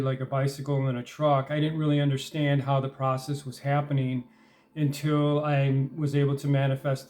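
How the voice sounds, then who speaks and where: A middle-aged man giving a casual talk on manifesting, conversational, with frequent fillers and "all right?" check-ins, building to emphatic stress on key points. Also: mid-range voice. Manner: grows emphatic and louder when stressing determination. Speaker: self-help speaker.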